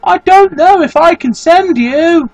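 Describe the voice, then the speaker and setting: Man faking a high posh young lady, fluttery, overly polite, game voiceover. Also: unhurried, no echo, rough recording. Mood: fretful. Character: gentle young woman, attempted posh voice.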